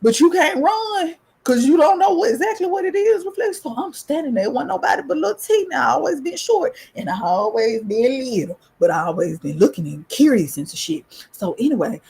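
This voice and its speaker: Southern woman podcast host, gravelly and husky, animated casual storyteller, swears freely. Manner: animated, profane, rising pitch in excitement.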